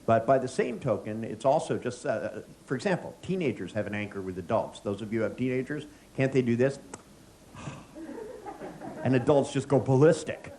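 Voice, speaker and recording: Joking middle-aged seminar trainer. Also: male voice, mid-range voice, lively intonation, normal speed, mellow, slight background noise. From United States. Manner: joking, anecdotal, quizzes the audience. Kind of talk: live seminar lecture to an audience.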